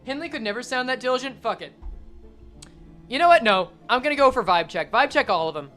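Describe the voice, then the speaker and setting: A woman's voice: fairly high pitch, animated, fairly bright tone, faint music behind. A woman streamer reading game text aloud and commenting casually, swearing and joking as she goes. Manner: casual, swearing, quick jokes.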